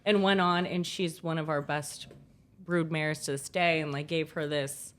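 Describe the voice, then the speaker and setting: A woman's voice: deep voice, a little slow. A woman from California, a podcast guest, telling stories in casual chat and acting out what others said. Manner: animated storyteller who acts out quoted dialogue.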